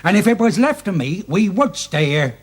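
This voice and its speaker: A man's voice: sits high, sing-song, moderate pace. An actor playing a stubborn man who reproaches his wife and wants to stay put. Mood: reproachful.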